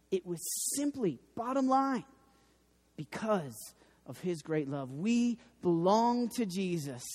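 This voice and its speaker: A young man with a high voice preaches to a crowd, animated and self-deprecating as he tells stories. His words ring out with a long reverb, as if he is in a large hall. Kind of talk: sermon.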